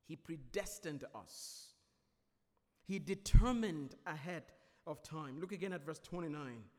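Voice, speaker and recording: A high-pitched man delivers a sermon as pastor. He stresses his points through repetition and shifts between loud declarations and softer explanation. The recording carries a long hall reverb. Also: expressive, unhurried. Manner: emphatic, repetitive preaching with swings between loud and soft.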